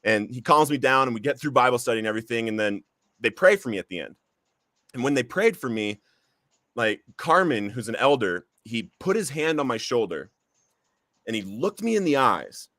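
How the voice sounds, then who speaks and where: A man's voice: mid-range voice, big pitch swings, normal speed, a bit bright, no room sound, studio quality. A man hosting a recovery podcast, sharing a personal testimony in an earnest, heartfelt storytelling manner. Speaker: podcast host.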